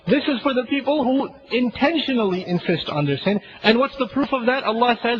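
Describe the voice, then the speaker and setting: Male lecturer, rapid conversational delivery, dull lo-fi sound. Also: very high-pitched, lively intonation. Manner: chatty, keeps asking "right?", chuckles often. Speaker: Islamic lecturer.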